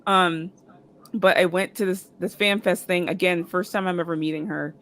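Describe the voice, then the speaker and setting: A woman guest on a podcast telling a story casually, full of "like" and "um", jumping high when she quotes people. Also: steady tone, normal speed. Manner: chatty, full of fillers like "like" and "um"; jumps high and loud when quoting others. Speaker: podcast guest, fan content creator.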